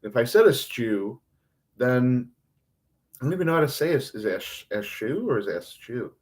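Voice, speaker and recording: Lively, rambling man on a solo stream. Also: medium pitch, normal speed. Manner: rambling and self-mocking, swinging from mumbles to loud outbursts. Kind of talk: rambling solo livestream monologue.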